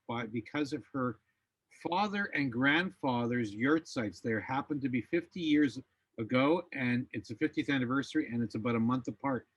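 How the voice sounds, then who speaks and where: A man acting as service organizer, making announcements in an unhurried way, halting with fillers. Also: mid-range voice, breathy edge, dry recording, rough recording.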